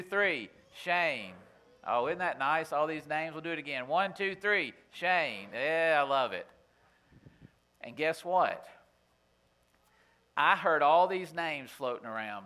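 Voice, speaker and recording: A middle-aged man preaching a sermon, telling stories in a folksy, conversational way and dropping to a hushed voice for tender moments. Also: on the high side. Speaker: pastor.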